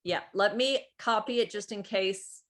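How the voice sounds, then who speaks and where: A woman's voice: mid-range voice, measured pace, fairly bright tone. Chatty, playful woman thinking aloud on a video call. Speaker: participant editing a shared word image. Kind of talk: casual group chat on a video call.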